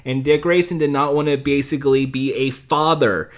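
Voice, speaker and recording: A man's voice: medium pitch, steady tone, moderate pace. A man in his late twenties casually recapping TV episodes, rambling and sarcastic, with the odd curse word. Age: late 20s. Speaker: TV show recapper.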